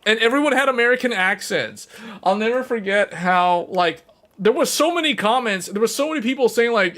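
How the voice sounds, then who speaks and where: A man streaming to his viewers, chatting casually in a rambling, animated way and laughing often. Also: high-pitched, brisk.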